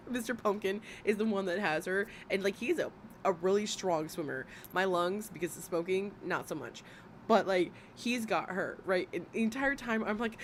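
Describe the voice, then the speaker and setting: A woman hosting a casual reaction stream. She swears, laughs and her voice jumps high when excited. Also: normal speed, slight background noise.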